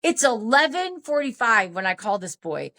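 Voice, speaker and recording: A woman's voice: on the high side, normal speed. A woman in her fifties, a podcast host telling a story in casual chat and acting out the dialogue. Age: 50s. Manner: animated, acts out quoted dialogue.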